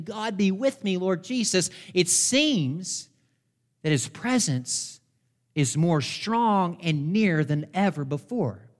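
A man preaching a sermon as pastor, fervent, slowing down to stress key words. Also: on the high side. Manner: fervent, slows down for emphasis. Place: church sanctuary. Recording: long hall reverb in a church.

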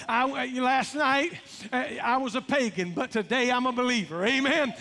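A man with a Southern American accent preaching a sermon as pastor, often rising to shouts and stretching out his lines. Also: very high-pitched, expressive, moderate pace. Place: church sanctuary. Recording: long church hall reverb.

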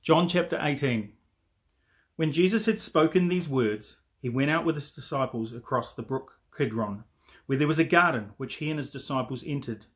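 A man reading a Bible passage aloud in a church service, steady and even. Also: mid-range voice, normal speed. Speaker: scripture reader.

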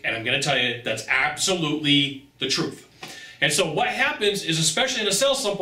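A man's voice: a little high, sharp tone. A man coaching salespeople straight to camera, talking with lots of energy and acting out exchanges between buyer and seller. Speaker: sales trainer. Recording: roomy sound, mic at a distance.

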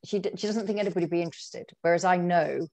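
A middle-aged woman, an author, telling personal stories in a chatty, animated way with lots of fillers and restarts. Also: fairly low pitch, fast talker. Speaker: guest author. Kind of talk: conversational storytelling.

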